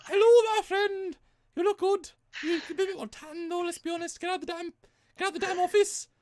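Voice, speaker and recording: A man putting on a goofy male character with a muddled fake accent, chattering in a very high voice. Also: steady tone, brisk, darkish tone, no echo, studio quality. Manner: bouncy, greeting and chattering in a very high voice.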